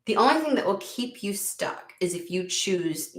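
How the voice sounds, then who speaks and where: A woman's voice: medium pitch, lively intonation, normal speed, a bit bright, echoey room. A woman giving a casual tarot reading, talking bluntly and swearing a lot in an exasperated rant. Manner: blunt, profane, exasperated ranting. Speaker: tarot reader.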